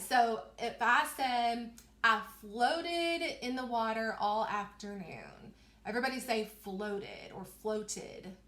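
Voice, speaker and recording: A young woman teaching a reading lesson to young children, slowly stretching out letter sounds and praising them often. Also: a little high, a bit bright. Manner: encouraging, repeats words for children. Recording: echoey room.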